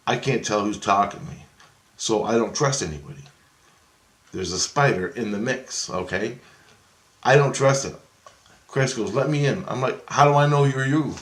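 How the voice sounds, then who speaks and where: Agitated, profane man in an echoey room. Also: lowish voice. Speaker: vlogger. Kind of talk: rambling spiritual monologue.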